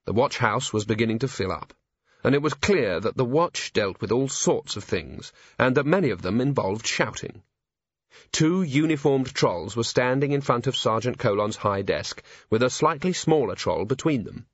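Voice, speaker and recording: Male audiobook narrator, measured, slightly dull recording. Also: mid-range voice, lively intonation, husky, no room sound. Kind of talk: scripted narration.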